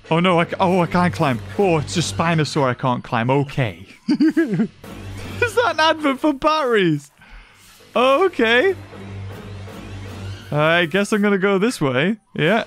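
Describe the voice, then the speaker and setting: A man giving excitable let's-play commentary as a gaming channel host. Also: sits high. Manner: excitable, exclaiming.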